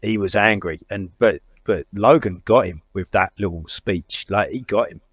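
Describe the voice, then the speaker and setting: Man, podcast co-host, excitable, dry close sound. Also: on the low side, normal speed, slightly rough, no echo. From outside the United States. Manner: enthusiastic, acts out lines from the film. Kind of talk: casual movie review chat.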